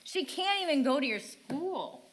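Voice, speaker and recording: A woman's voice: sits high, sing-song, unhurried, a bit bright. A middle-aged woman making an impassioned, frustrated public comment at a town council meeting, pleading with rhetorical questions. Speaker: parent speaking at public comment.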